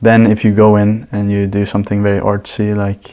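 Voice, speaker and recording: Low, flat-voiced male interview guest. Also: brisk, clear, resonant tone. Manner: explains points at length with examples. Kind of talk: casual conversational interview.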